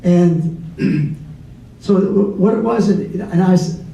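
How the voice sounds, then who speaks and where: Guy at a debate, lots of restarts, kinda high but super dark voice, far from the mic, dull sound. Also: vocal fry. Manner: halting, many restarts and repeated words. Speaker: debate panelist. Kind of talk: unscripted debate talk. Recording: distant, roomy, dull with faint noise.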